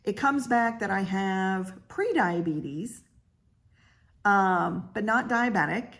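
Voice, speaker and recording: A woman's voice: medium pitch, lively intonation, slow, a bit bright. A woman in her fifties talking candidly in a casual personal vlog, chatty with frequent fillers. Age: 50s. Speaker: vlogger; realtor.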